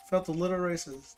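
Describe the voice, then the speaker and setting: A man selling trading card packs on a live stream, chatting casually with viewers and calling them bro. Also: high-pitched. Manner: laid-back, talks to viewers as bro. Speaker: livestream card seller.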